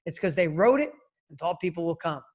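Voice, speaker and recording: A man's voice: on the high side, animated, a little fast. A man in his fifties, a podcast guest, telling a motivational story in an emphatic, punchy way, speaking in bursts.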